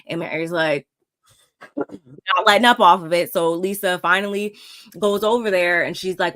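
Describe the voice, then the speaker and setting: A woman's voice: mid-range voice, normal speed, long pauses. A woman casually recapping a reality TV episode, acting out the cast's lines as she goes. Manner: animated, acts out quotes. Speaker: recap show co-host.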